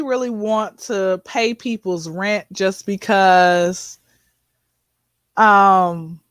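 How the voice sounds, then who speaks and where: A woman comedian in a casual interview, talking in an animated, preachy way with sassy asides. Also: mid-range voice, no echo. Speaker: comedian guest.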